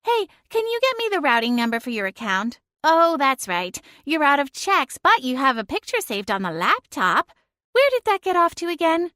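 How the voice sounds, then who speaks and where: A woman's voice: sits high, very animated, normal speed, bright, forceful tone, no echo, clean studio sound, voice pushed up, exaggerated voice. Woman voicing a smug, sly talking cat. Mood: mocking. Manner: drawling, teasing innocence.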